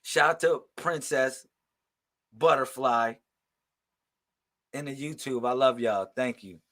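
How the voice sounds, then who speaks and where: A man hosting a casual live stream of psychic readings, talking loud and slangy, laughing and calling out to viewers. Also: mid-range voice, slow. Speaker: livestream host giving psychic readings.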